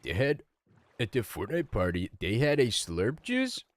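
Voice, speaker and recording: A man's voice: mid-range voice, wildly swooping pitch, a little slow, dry recording. A young man live-streaming a game, chatting loosely with his chat, rambling and swearing casually. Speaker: gaming streamer.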